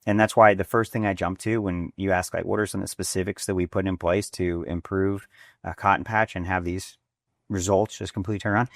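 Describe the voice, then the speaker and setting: A man in his forties, a restaurant executive, telling stories in an interview, animated and acting out dialogue with many restarts. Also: low-pitched, brisk, vocal fry, no room sound, clean studio sound. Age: 40s. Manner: animated storyteller, acts out dialogue, frequent restarts. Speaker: restaurant chain executive, guest. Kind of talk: conversational interview storytelling.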